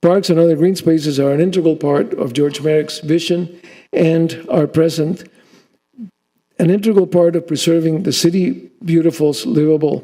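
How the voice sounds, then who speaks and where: A man's voice: a little high, warm tone. A man delivering a formal public address as city mayor, reading a prepared speech and breaking off now and then to restart or ad-lib. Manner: reads a prepared speech, with restarts and ad-libbed asides.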